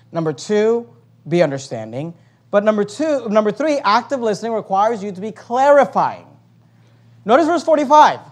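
High-voiced, animated male preacher. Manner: animated and joking, reads scripture aloud. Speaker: pastor. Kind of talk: sermon.

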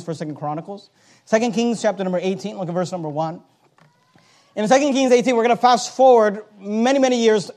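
A man preaching a sermon, reading scripture aloud and swinging from quiet asides to loud, slowed-down emphasis. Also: sits high. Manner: reads King James scripture aloud, slowing for emphasis.

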